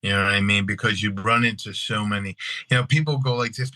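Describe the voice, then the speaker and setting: A middle-aged man from Long Island with a New York accent, an actor telling stories in a casual interview, animated and repeating his words as he acts out scenes. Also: on the low side, fast talker, no room sound, rough recording. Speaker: actor and guest.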